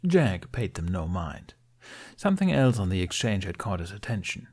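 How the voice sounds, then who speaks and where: A man narrating a fan fiction audiobook in a lively storytelling manner. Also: deep voice, normal speed, slightly rough. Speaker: podfic reader.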